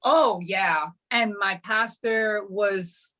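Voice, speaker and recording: A middle-aged woman sharing her personal testimony in an interview, telling her story with animated energy and acting out what people said. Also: medium pitch, very slow. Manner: animated, acts out quoted dialogue.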